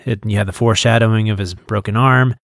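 Lowish guy, flat even delivery, matter of fact, dry mic. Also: fast, vocal fry, dry recording. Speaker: podcast co-host. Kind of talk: casual book discussion.

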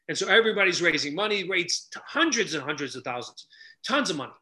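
An energetic middle-aged man telling stories as a podcast guest, acting out the people he quotes. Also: high voice, quick pace. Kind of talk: animated storytelling.

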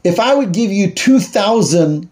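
A man raises his voice to play an arrogant male envoy who mocks his listeners and brags about his master's armies. The voice sits high, with a soft, dark tone, and every line drips with scorn. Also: expressive, measured pace. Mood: taunting. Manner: taunting, boastful. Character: arrogant male royal envoy, mocking and threatening.

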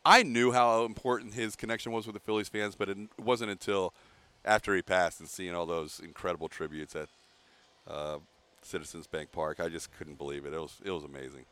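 A middle-aged man, a podcast guest, reminiscing about his father in a relaxed, casual way. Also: sits low, brisk. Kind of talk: casual chat.

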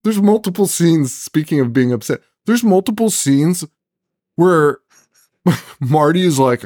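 A man recapping a horror movie in casual podcast chat, animated and profane, laughing often as he retells scenes. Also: a little high, measured pace, no echo, studio quality. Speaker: podcast co-host.

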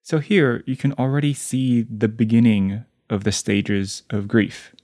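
A man's voice: mid-range voice, fairly even intonation, a little mellow, no room sound, studio quality. A young man, a medical trainee hosting the show, asking a long, carefully prepared question. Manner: measured, prepared phrasing. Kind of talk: interview question.

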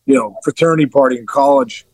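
A man co-hosting a podcast in casual chat, calling in from an airport and talking quietly, often restarting his sentences. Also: medium pitch, no room sound, rough recording. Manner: talks quietly with quick, repeated restarts. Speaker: podcast co-host.

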